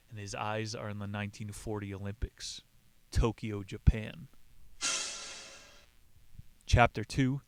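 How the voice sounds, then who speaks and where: Young guy recapping a book, casual, swears a lot, kinda low smooth voice. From Southern California. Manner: loose and jokey, swears and makes asides. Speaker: podcast host retelling a book.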